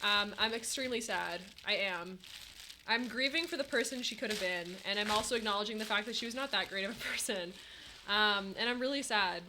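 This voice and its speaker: A woman live streaming to chat, talking casually and excitably, laughing often and swinging between giddy and teary. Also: mid-range voice, brisk, noisy background. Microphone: headset.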